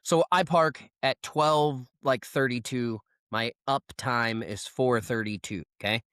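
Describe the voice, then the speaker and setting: A man's voice: mid-range voice, measured pace, fairly bright tone, clean tone, dry recording, clean studio sound. A man co-hosting a podcast, telling long rambling stories in casual chat, full of fillers and restarts. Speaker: podcast co-host.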